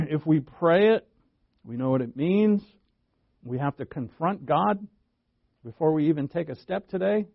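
A man preaches a sermon in a fairly high voice, punching key words with sudden jumps in pitch and mixing in folksy asides. The recording sounds dull and lo-fi, with a dry, close sound and no room echo. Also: expressive, a little slow, gravelly, pauses often.

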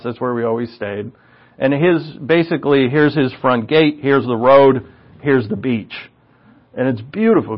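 Gravelly conversational preacher, lo-fi. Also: male voice, mid-range voice. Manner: conversational, self-deprecating storyteller. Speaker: pastor. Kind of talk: sermon teaching.

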